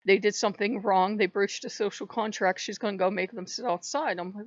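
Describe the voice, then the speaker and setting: A woman's voice: medium pitch, a little fast, few pauses, no room sound. A middle-aged woman hosting her channel, telling a heated, exasperated story in a casual monologue. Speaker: channel host. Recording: dry, dull lo-fi recording.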